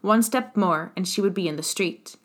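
A woman reads a classic novel aloud in a measured, expressive narration. Her pace is even and her delivery clear. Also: mid-range voice. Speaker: audiobook narrator.

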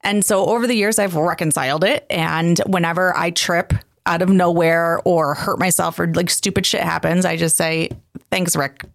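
Gravelly low-voiced woman telling stories. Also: normal speed, few pauses, no echo, studio quality. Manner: animated storytelling with frequent laughs. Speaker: podcast co-host. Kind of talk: casual chat.

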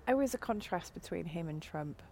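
A woman's voice: on the low side, lively intonation, brisk, warm tone. A woman hosting a casual podcast chat, reacting briefly and encouraging her guest. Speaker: podcast host.

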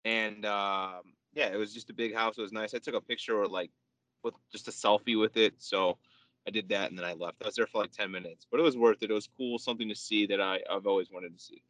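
A young man on a podcast, telling a story in an animated, exasperated way and swearing freely. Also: fairly low pitch, fairly quick, dry recording, poor audio. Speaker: podcast co-host. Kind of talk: casual chat.

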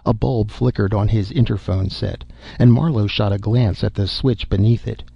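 A man narrating an audiobook in a measured, even way, in a dull recording. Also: fairly low pitch, gravelly, slightly rough, no echo. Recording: dull, dry close-mic audio.

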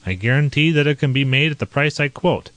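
A man voicing a blunt, self-assured male inventor who talks in a brisk, lecturing way, his voice a bit raised above his narration. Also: medium pitch, fairly bright tone, no room sound, pitched above the performer's own voice, close to an everyday voice. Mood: confident. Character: blunt middle-aged male inventor, sure of himself.

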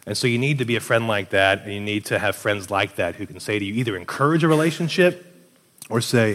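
A young man chats through relationship advice, telling stories and slipping into quoted voices. His voice sits on the low side, and the recording carries a long, roomy reverb. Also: fast talker. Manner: animated storyteller, acts out quoted voices. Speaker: co-host giving relationship advice. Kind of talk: casual advice talk with stories.

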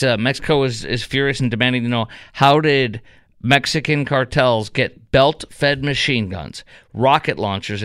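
A man's voice: mid-range voice, a bit bright, smooth, no room sound. A man hosting a radio call-in show, talking emphatically and indignantly with plenty of fillers into a studio microphone. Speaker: radio talk show host. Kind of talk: talk radio commentary and call-in.

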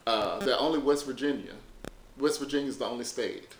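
A man's voice: medium pitch, fairly quick. Man, medium voice, casual chat, roomy echo, faint background noise. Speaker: podcast host.

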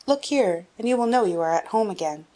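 A woman reading an audiobook, voicing a cheerful, loyal boy page who speaks with bright, eager reassurance. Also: mid-range voice, animated, brisk, pitched above the performer's own voice, close to an everyday voice.

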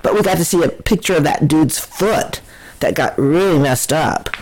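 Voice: medium pitch, normal speed, slight background noise, poor audio. A political commentator giving an opinionated solo commentary, emphatic and scornful, often repeating words and restarting sentences.

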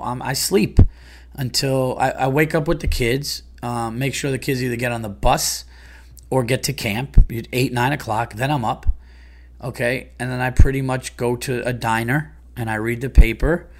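A middle-aged man, ranting in a casual podcast monologue, profane and exasperated, swinging louder and higher when annoyed. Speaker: comedian and podcast host.

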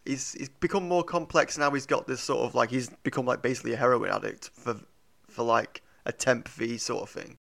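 A man's voice: mid-range voice, fairly even intonation, a little fast, creaky, few pauses, a bit bright. A man in casual chat, laid-back and a bit hesitant, swearing casually.

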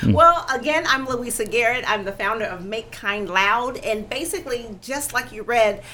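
A woman guest on a talk show, telling her story in an animated, expressive way and laughing easily. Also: fairly high pitch, normal speed, slight background noise. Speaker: guest, founder of a kindness campaign.

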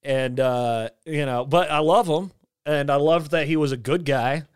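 A man's voice: fairly high pitch, a little slow, clean tone, dry recording, clean studio sound. A man co-hosting a podcast, casually recapping a movie with rambling, joking asides. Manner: rambling, joking, recounting scenes. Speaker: podcast co-host.

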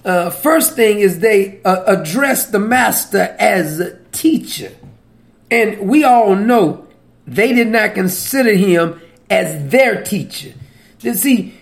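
A man preaching with a high voice. His talk is conversational and teasing. He keeps asking his listeners questions and chuckles at his own points. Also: lively intonation, slow, creaky. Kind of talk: sermon.

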